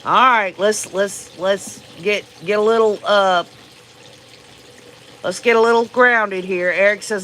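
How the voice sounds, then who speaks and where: A woman's voice: medium pitch, a little slow, fairly bright tone, slight background noise. A woman hosting a livestream, giving blunt, profane, emphatic commentary and talking straight to her viewers. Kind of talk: casual true-crime commentary.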